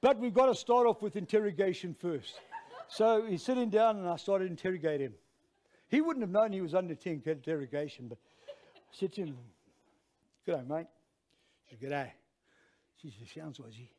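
Animated Australian pastor telling a story. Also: male voice, high voice, fairly quick. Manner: animated, self-mocking storyteller. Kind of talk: storytelling sermon.

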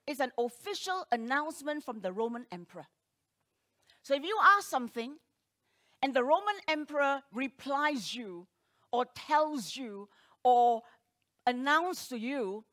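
Emphatic woman preaching a sermon. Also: on the high side. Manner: emphatic, rhetorical questions, swings between loud and hushed.

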